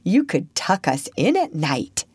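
Peter, a sly bragging boy done by a lady reader, coaxing, bouncy ups and downs, slow. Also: lowish voice, very animated, a little mellow, breathy edge, no echo, clean studio sound, full character voice. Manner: boastful and coaxing. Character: cocky, cunning boy Peter who never grows up. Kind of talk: storybook reading.

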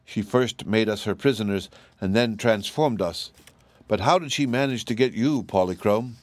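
A matter-of-fact male scarecrow, now a little stuffed bear, voiced by a man reading a storybook. The voice stays low and even. The sound is dry and close. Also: moderate pace, dry recording, lightly acted. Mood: calm.

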